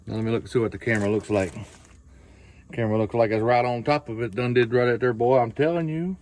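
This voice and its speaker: A middle-aged Southern US man with a mid-range, somewhat dark voice talks quickly and folksily to a nearby camera while cooking at a winter campsite. This outdoor vlogger chats casually as food sizzles in the pan amid outdoor noise.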